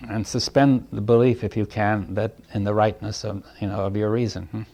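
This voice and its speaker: A man giving a reflective spoken talk to a small audience. He often restarts his phrases, checks in with his listeners, and chuckles softly between points. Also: on the low side, little pitch movement, moderate pace, vocal fry.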